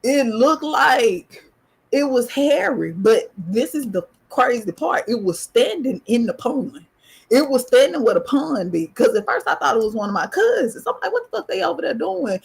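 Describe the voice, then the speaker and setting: Gravelly Southern woman telling a story. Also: moderate pace. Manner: animated, profane, rising pitch in excitement. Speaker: podcast host. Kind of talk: casual storytelling.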